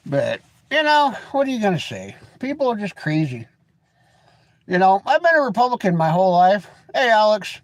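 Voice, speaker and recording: A man's voice: high voice, sing-song, a little fast, no room sound. A middle-aged man hosting a live stream, chatting loosely with folksy, opinionated ranting. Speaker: livestream host. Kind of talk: rambling live stream chat.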